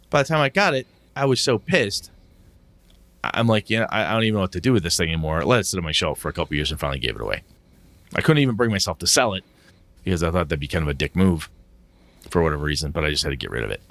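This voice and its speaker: Middle-aged male podcast co-host: deep, animated, blunt, dry close mic. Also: racing, dry recording. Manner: blunt and emotional, swears freely. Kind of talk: casual chat.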